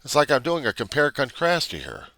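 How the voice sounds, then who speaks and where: Pitch swoops wildly in this man's medium voice, which is sharp in tone and at normal speed, with no echo. He's a recovery video diarist delivering an unscripted confessional monologue to camera. He's blunt and profane, rambling and doubting himself as he goes.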